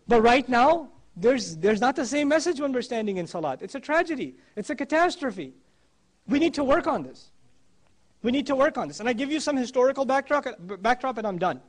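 A man's voice: very high voice, sing-song, a little fast. A man giving a religious talk, emphatic and repeating his key phrases for weight. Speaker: Islamic speaker.

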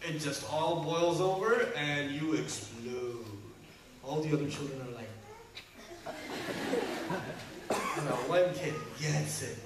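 A man preaching to a congregation in an animated way, acting out quotes and laughing. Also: a little high, slow pace, pauses often. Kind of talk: sermon to a congregation. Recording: echoey hall, distant mic, background hum.

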